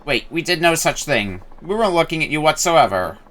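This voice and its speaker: A man's voice: a little high, sing-song, a little fast, a bit bright, voice pushed up. Casting: a man playing a frightened, pleading teenage schoolboy. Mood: scared. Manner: pleading, nervous. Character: frightened male high school student.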